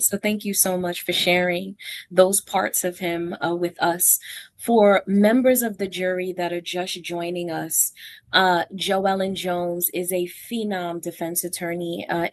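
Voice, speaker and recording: Affirming woman host, lowish voice. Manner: warm, affirming, asks follow-up questions. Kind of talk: hosted conversation.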